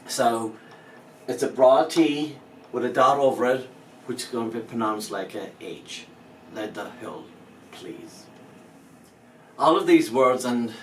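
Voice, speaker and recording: A male language teacher explaining pronunciation step by step, patient and lightly joking. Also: mid-range voice. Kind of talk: spoken language lesson. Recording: roomy echo, mic at a distance, faint background noise.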